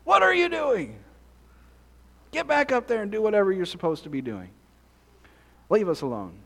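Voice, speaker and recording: A man's voice: high-pitched, very animated, moderate pace, creaky, a bit bright, heavily acted. A man voicing a scornful older brother who mocks and belittles his younger sibling, in a reverberant church. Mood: mocking. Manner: mocking, belittling.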